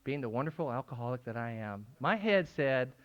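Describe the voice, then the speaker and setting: A man sharing his recovery story at a meeting, swinging from hushed, tearful moments to loud laughing outbursts. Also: medium pitch, lively intonation, fairly quick, muffled recording. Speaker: AA speaker. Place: meeting room at a school.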